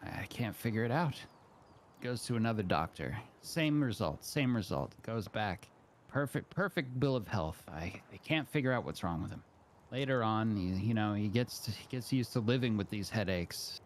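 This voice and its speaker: A man's voice: on the low side, lively intonation, moderate pace, slight background noise. A man hosting a live stream, telling a long joke in a rambling, casual way. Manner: rambling, full of fillers and restarts. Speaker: streamer host.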